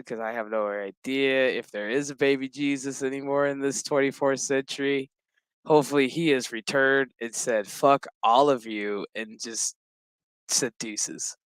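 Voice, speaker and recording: A man's voice: medium pitch, a bit bright, clear, resonant tone, no echo, low-quality recording. A man casually retelling a TV episode, crude and joking, chuckling as he acts out the characters' lines. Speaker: show recap host. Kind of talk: casual profane episode recap.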